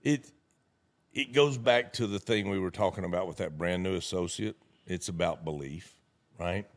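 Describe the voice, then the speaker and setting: A middle-aged man with a drawl and a somewhat low voice holds the floor in a relaxed conversation. He tells folksy anecdotes and slips into the voices of the people in them. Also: normal speed. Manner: folksy, animated storyteller acting out quotes. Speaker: network marketing leader, guest speaker. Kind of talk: casual storytelling conversation.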